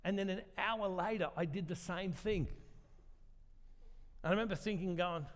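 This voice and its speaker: Older male preacher, slightly high voice, chatty and self-mocking, long hall reverb. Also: normal speed, long pauses. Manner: conversational, asks the congregation questions, self-deprecating humor. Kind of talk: sermon.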